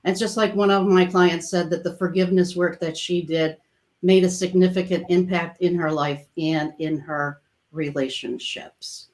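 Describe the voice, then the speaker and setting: A woman coach hosting a casual online chat, speaking gently and reflectively. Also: on the low side, steady tone, normal speed. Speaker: coach and host.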